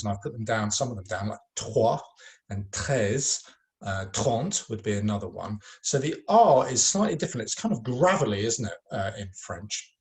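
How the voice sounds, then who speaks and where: A middle-aged man teaching a recorded French lesson to children, patient and encouraging, modelling sounds slowly between many fillers. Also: on the low side.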